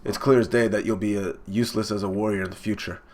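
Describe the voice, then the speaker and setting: A man's voice: lowish voice, steady tone, quick pace, darkish tone, lightly acted. A man voicing a cold, domineering older father who speaks with haughty contempt. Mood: contemptuous.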